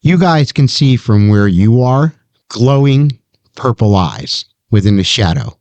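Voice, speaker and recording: A man's voice: on the low side, darkish tone, no room sound. A man narrating as game master of a tabletop game, casual and calling for dice checks.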